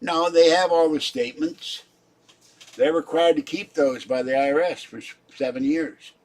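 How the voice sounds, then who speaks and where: A man's voice: fairly high pitch, fairly even intonation, moderate pace. Rambling man chatting on his livestream. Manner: rambling, talks to his chat, mutters asides. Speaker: YouTube livestreamer. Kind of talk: casual livestream chat.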